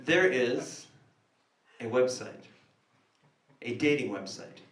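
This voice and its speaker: A man's voice: medium pitch, expressive, takes it slowly, fairly bright tone. Guy doing stand-up at a little café, rambly and sardonic, echoey and kinda far from the mic. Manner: rambling, self-interrupting, sardonic. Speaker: stand-up comedian. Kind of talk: stand-up comedy. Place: small café stage. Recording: echoey café room from a distance.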